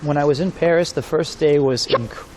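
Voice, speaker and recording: A man's voice: fairly high pitch, normal speed, a little mellow, a little hiss or hum. A man chatting casually to his live-stream audience while walking around town, rambling and joking with chat. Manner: rambling, jokey, talks to chat. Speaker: IRL streamer. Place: outdoors on city streets.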